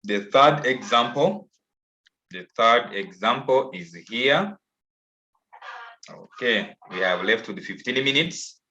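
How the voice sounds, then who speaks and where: A man's voice: mid-range voice, animated, slow pace, long pauses, bright, forceful tone, a little hiss or hum. A man with a Ugandan English accent teaching an online class, coaxing pupils and repeating himself patiently. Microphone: video call. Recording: dull, lo-fi online call audio.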